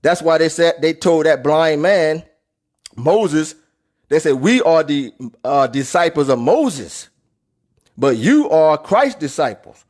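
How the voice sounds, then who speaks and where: A man preaching a Bible lesson, emphatic, repeating and rereading verses slowly. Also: fairly high pitch, expressive, darkish tone. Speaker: Bible teacher. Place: New York City.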